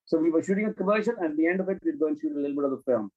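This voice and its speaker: A man, a film and commercial director, telling anecdotes in an interview, animated and blunt, acting out dialogue and swearing now and then. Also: a little high, rapid-fire, phone-quality sound. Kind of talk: interview storytelling.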